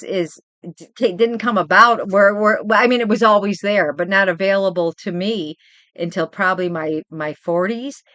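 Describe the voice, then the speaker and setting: An older woman and grandmother hosting a casual livestream chat, rambling and animated as she tells stories from home. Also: medium pitch, no echo. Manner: chatty, rambling, animated storytelling. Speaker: livestream host.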